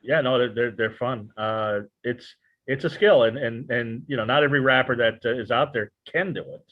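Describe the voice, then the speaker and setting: Halting, joking man host on a tinny line. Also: medium pitch. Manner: halting, full of restarts and fillers, joking. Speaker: podcast host. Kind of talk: casual chat. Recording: tinny phone-like audio.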